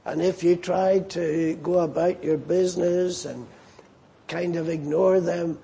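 Older guy preaching slow, dark mellow voice, leans hard on quotes. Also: a little high, fairly even intonation, creaky, a little hiss or hum. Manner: slow, deliberate, with emphatic quoted lines. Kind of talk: sermon.

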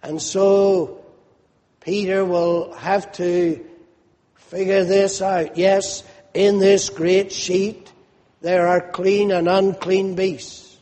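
A man preaching with a high voice and a slow, deliberate pace, leaning hard on key words and rising into animated questions. The sound carries a long hall reverb. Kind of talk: sermon.

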